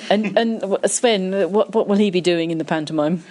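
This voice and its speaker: A woman's voice: on the low side, normal speed, darkish tone. A woman interviewing members of an amateur panto cast in a friendly, encouraging way. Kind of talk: casual interview.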